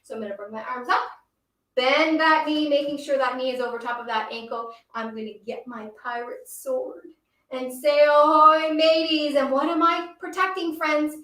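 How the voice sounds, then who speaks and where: A woman's voice: high-pitched, normal speed, a bit bright, reverberant, distant mic. A woman teaching a yoga class for children and reading a picture book aloud, encouraging the kids and calling them her friends.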